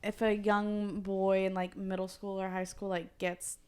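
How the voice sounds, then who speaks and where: A woman co-hosting a podcast, chiming in with relaxed, casual reactions. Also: mid-range voice, a little slow, smooth. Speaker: podcast co-host.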